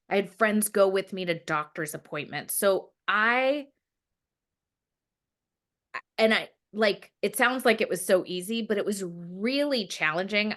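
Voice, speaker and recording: A woman's voice: medium pitch, fairly bright tone. A woman telling a personal story in a casual interview, rambling with many fillers and acting out her own past words. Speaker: guest.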